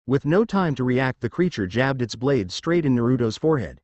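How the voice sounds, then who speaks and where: A man narrating a fan fiction story, reading steadily through the action. His pitch is lively and the sound is dry and close, with no room around it. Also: moderate pace, hardly any pauses, no room sound, dull audio.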